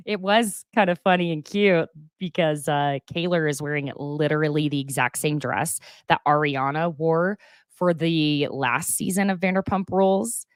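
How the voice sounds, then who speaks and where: A woman's voice: low voice, moderate pace, clean tone, no room sound, studio quality. A young woman hosting a casual live-streamed gossip show, chatty and rambling, often laughing.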